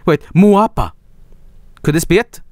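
A young man with a Swedish accent streaming a geography guessing game, thinking aloud, swearing and breaking into excited yelps. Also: sits high, a little slow, no room sound. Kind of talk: casual gameplay commentary.

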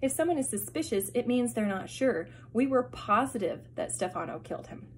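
A woman's voice: on the high side, animated, brisk, a little hiss or hum, pitched above the performer's own voice, natural voice. A woman reading a bold, clever young boy who speaks in an insistent, accusing way.

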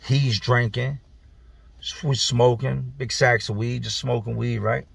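Husky guy with a gravelly voice telling a wild story, dry close sound, cussing a lot. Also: mid-range voice, slow pace, dry recording. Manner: profane, slangy, animated retelling of street stories. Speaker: vlogger. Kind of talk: casual storytelling.

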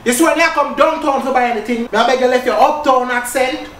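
A woman acting a brash, scheming downtown shoe vendor in a comedy skit, speaking heavy Jamaican patois in a loud, scolding way. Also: sits high, fast, distant mic. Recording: echoey with faint background noise.

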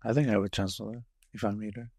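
A man's voice: fairly low pitch, fairly even intonation, brisk, darkish tone, dry recording, clean studio sound. A man on a podcast, talking hesitantly and nervously in casual chat. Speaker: podcast co-host. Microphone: studio podcast mic.

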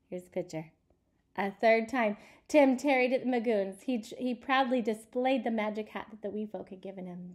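A woman reading a picture book aloud to children, asking them questions as she goes. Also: mid-range voice. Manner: asks listeners questions, animated.

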